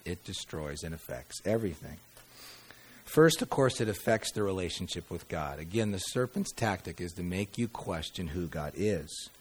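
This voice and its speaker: Male pastor, lower voice, sermon delivery: dramatic readings, dry humor, hushed emphasis. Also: breathy edge. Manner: dramatic reading of scripture with sudden quiet drops; conversational asides and wry humor.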